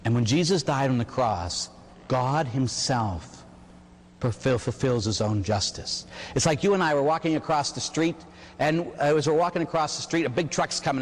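A middle-aged priest from the Pittsburgh area giving a homily on confession, telling stories and acting out penitents with a rhetorical "huh?". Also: male voice, mid-range voice, normal speed, long reverb tail. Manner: animated storytelling, acts out penitents and God with rhetorical "huh?".

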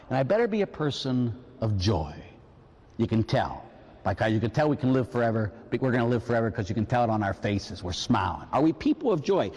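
A man, a priest, telling a story during a sermon in a lively, emphatic way. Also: fairly high pitch, big-room sound. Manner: animated storytelling, emphatic preaching. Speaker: Catholic priest.

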